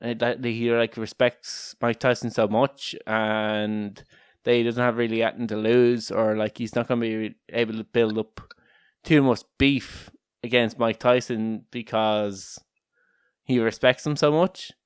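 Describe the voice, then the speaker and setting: A young man with a soft Kildare accent hosts a casual podcast chat. He rambles through stories, swears freely and breaks into laughter. His voice is smooth and clear, recorded close in a dry room. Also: medium pitch, level tone, a little slow, no room sound. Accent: Irish, Kildare. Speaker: podcast co-host.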